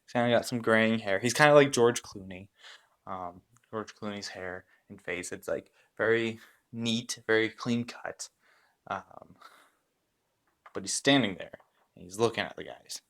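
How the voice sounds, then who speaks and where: A man's voice: lowish voice, unhurried, fairly bright tone. A man narrating a story game as game master, rambling, with many fillers and restarts.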